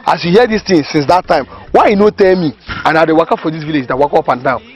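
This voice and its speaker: A man's voice: on the high side, fast, darkish tone, highs cut off, natural voice. An actor with a Nigerian accent playing an indignant village man, accused of theft, who stammers and makes threats. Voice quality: hesitant, stammering, then threatening. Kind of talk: Nollywood comedy film acting. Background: faint background music.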